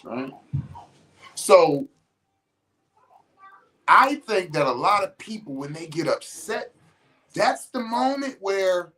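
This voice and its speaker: A man's voice: a little high, fairly bright tone, low-quality recording. A man hosting a podcast, talking casually and bluntly to his listeners, swearing freely and stopping to restart his sentences as he tells stories. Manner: blunt, profane and emphatic, storytelling with restarts. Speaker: podcast host.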